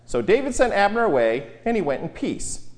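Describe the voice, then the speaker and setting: A man giving an informal, wry Bible lecture, telling the story in a lively way and quoting the characters. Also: sits high, fairly quick.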